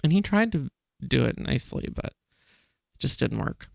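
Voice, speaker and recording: A man hosting a casual chat podcast, telling stories in an animated way and laughing often. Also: medium pitch, unhurried, gravelly. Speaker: podcast host.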